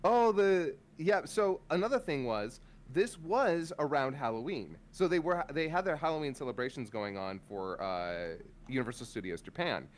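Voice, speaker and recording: Animated, lively-pitched man co-hosting. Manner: animated, jokey reactions. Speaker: co-host. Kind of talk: casual chat recounting a trip.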